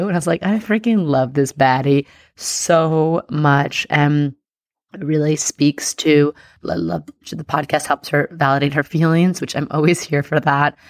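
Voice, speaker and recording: A woman hosting her own podcast as an astrologer, talking in a casual, rambling and earnest way, restarting often and warmly affirming her listeners. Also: deep voice, creaky, no echo, studio quality. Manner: upbeat and affirming toward listeners. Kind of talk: casual solo podcast talk.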